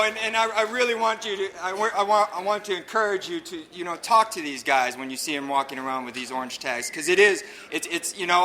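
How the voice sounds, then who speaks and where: Bright-voiced man telling a recovery story. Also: on the high side, slight background noise. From El Paso, Texas. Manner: earnest, repeats words and uses many fillers. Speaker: convention speaker sharing his recovery story.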